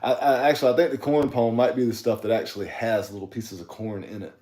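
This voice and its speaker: A young man from the US South with a Southern accent, co-hosting a casual podcast chat, playful and quick to laugh. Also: on the low side, steady tone, warm tone, roomy sound. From US South, South Carolina. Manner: laughs often, playful, repeats words. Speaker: podcast co-host.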